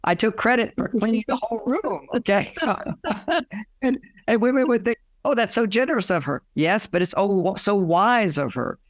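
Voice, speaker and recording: A man's voice: high voice, lively intonation, normal speed, no room sound. A man giving relationship advice as a guest, telling personal stories, chuckling and acting out quoted dialogue. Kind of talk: anecdotal advice talk.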